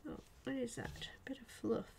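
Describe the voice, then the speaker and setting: A woman chatting casually on a live coloring stream, soft-spoken, often dropping into murmurs and whispers as she works. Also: on the high side, brisk, vocal fry. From Australia. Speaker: livestream coloring artist.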